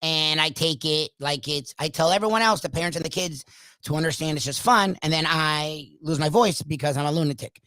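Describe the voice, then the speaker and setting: Hoarse, emphatic sports talk host. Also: male voice, a little high, fairly quick, no echo, rough recording. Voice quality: animated, emphatic, ranting. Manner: opinionated, swings between loud bursts and quiet asides. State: hoarse from coaching. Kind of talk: solo monologue on a talk show.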